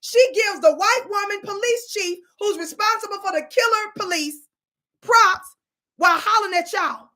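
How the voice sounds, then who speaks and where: A woman's voice: very high-pitched, normal speed, sharp tone. A woman giving sassy, scolding commentary on video clips, full of dramatic asides. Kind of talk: animated commentary chat.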